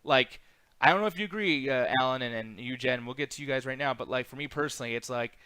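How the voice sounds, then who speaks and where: Casting: young male podcast host, quick, bright and dry-sounding, profane and rambling. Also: mid-range voice, smooth, dry recording. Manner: profane, rambling, animated ranting. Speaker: podcast co-host reviewing movies. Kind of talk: casual chat.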